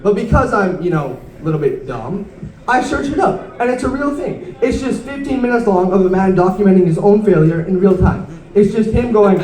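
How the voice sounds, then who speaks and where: A man's voice: high-pitched, expressive, moderate pace, a little mellow. A young man in his late teens doing a stand-up set, rambling and self-deprecating, stumbling over his words. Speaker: stand-up comedian. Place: comedy club stage. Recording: roomy club sound from far off.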